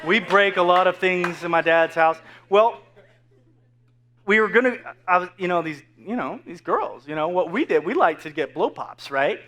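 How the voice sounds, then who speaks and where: High-pitched guy in his 30s preaching, chatty and jokey, little bit of crowd behind. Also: animated, normal speed, bright, forceful tone. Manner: joking, conversational preaching with many asides. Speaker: pastor. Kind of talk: casual sermon. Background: faint crowd.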